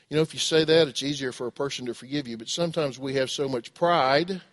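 A man's voice: a little high, fast, few pauses, fairly bright tone. Man preaching a sermon. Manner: preaching with rhetorical questions, acting out quoted voices. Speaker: pastor.

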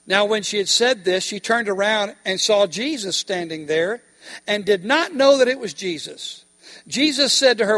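Preacher, male, high pitched, emphatic sermon with call-and-response, long hall reverb. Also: moderate pace, a bit bright.

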